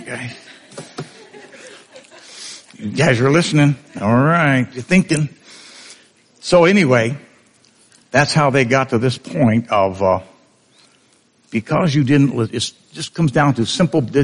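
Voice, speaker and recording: A male preacher giving a conversational sermon, often asking the congregation questions. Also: medium pitch.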